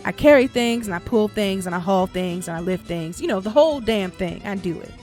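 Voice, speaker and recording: A woman's voice: medium pitch, expressive, a little fast, darkish tone, soft background music, pitched below the performer's own voice, close to an everyday voice. A woman voicing a sassy, hardworking female donkey who talks bluntly and calls others sis.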